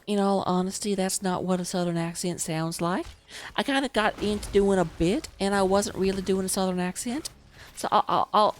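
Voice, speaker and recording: A woman casting a live online video game match, chatty and self-mocking, laughing easily between plays. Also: mid-range voice. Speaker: esports caster.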